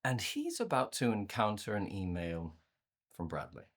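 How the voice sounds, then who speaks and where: Low-voiced guy giving a workshop talk, voice swings all over, chatty, lots of restarts. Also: moderate pace. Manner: conversational, animated, with frequent repeated words and restarts; acts out inner voices with playful pitch jumps. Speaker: presenter of a communication workshop. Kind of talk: live talk to a virtual audience.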